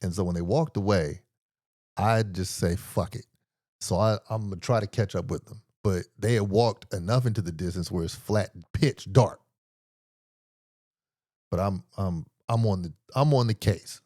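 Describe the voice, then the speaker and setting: A man with a lowish voice telling a story in a laid-back, casual way, full of slang and swearing. He acts out other people's lines as he goes. The sound is dry and close, with no room echo. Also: moderate pace, warm tone. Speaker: podcast host.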